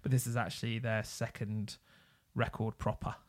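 A man's voice: on the low side, level tone, moderate pace. A man co-hosting a music podcast, giving informative background and supplying words for his partner. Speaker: podcast co-host. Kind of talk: casual chat about music albums.

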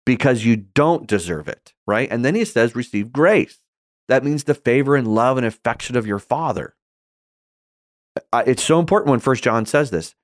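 A man's voice: medium pitch, lively intonation, moderate pace, dry recording, clean studio sound. A man giving an earnest, conversational Bible teaching that grows more emphatic and impassioned. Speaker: Christian teacher.

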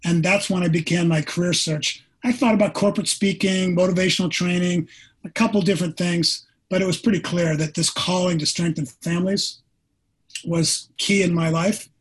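A man's voice: sits high, fairly even intonation, normal speed, breathy edge. A middle-aged man, a former pro football player, telling an earnest personal story in an interview.

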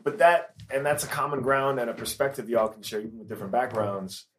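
A man with a mid-range voice hosts a relaxed conversation. He asks easy follow-up questions and fills pauses with quick nods of agreement. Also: mid-range voice, a little hiss or hum. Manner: supportive, frequent short agreements. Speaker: host. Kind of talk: casual interview chat.

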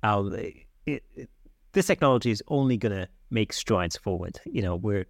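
A man's voice: fairly low pitch, normal speed, dry recording, studio quality. A man from Germany, hosting a podcast with a friendly, upbeat manner. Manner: lively, friendly, upbeat sign-off. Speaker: podcast host. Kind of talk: podcast conversation and outro.

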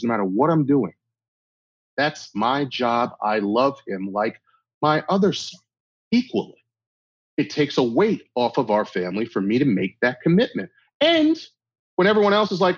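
Speaking as an interview guest, this middle-aged man hands out tough-love advice with blunt emphasis, playing out quoted back-and-forths as he chats. His slightly rough voice is a little high. The audio is dull, lo-fi and dry, with no room sound.

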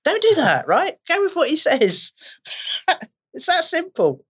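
Woman, Essex accent, therapist guest, animated storytelling, very expressive pitch, frequent laughs. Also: a little slow. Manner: animated storyteller, laughs often, acts out voices. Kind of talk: podcast conversation.

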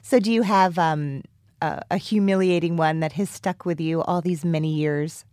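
A woman hosting a podcast, chatting casually with her guest and telling stories with quick jokey asides. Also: sits low, darkish tone, clear, resonant tone, no echo, studio quality. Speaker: podcast host. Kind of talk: casual interview chat.

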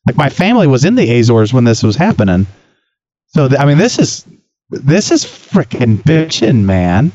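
A man co-hosting a podcast, excitable and profane, with lots of slang in casual chat. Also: medium pitch, normal speed, no room sound, highs cut off. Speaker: podcast co-host.

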